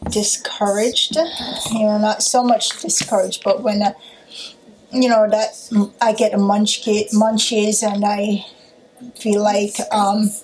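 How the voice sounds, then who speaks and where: A woman's voice: medium pitch, slight background noise. A woman chatting casually to a phone camera while she eats, rambling with fillers. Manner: relaxed, rambling, with fillers, talking while eating. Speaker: health vlogger. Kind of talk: casual vlog chat.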